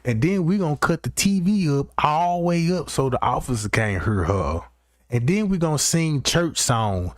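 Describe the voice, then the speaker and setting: A livestream host with a fairly high, lively voice speaks at normal speed in a dry, studio-quality recording. He rambles through a profane comic rant, constantly checking in with listeners by asking "you know what I'm talking about."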